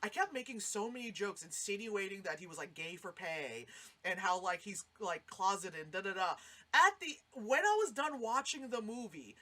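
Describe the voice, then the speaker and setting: A woman reviews a film casually at medium pitch and a moderate pace. She wanders from point to point, swears without restraint, and animatedly acts out quotes.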